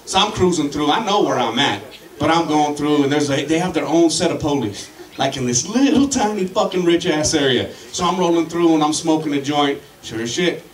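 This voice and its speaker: A man's voice: on the high side, expressive, fairly quick. A man from Colorado doing a rowdy, profane stand-up comedy set. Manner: profane, rowdy, shouts at the crowd. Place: comedy club with live audience. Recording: echoey club from a distance.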